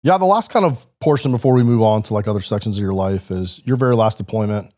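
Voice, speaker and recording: A male podcast host asks interview questions in a relaxed, casual way. His voice sits low and mellow, and his phrasing is loose and conversational. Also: fast.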